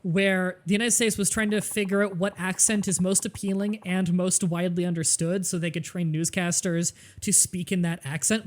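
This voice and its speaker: Chatty Southern Ontario Canadian man gaming. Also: high voice. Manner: chatty, lively, laughs easily, explains at length. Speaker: streamer playing a game. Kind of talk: casual gaming commentary.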